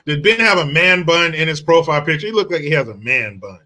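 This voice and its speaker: A man's voice: on the high side, animated, fast talker, hardly any pauses, sharp tone. A man hosting a live stream from the United States, reacting to chat in a brash, mocking, profane way. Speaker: livestream host.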